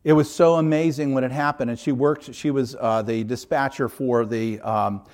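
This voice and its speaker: A man's voice: medium pitch, fairly even intonation, moderate pace, a little mellow. A middle-aged man, a pastor, preaching a sermon in an earnest, emphatic way, stacking up repeated parallel phrases.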